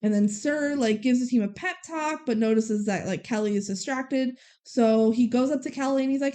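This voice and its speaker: A woman with a somewhat high voice chats through a movie recap for a podcast. She retells the scenes with a lot of life and keeps slipping into the characters' lines as she goes. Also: moderate pace, mellow. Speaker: podcast co-host. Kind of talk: casual chat recapping a movie.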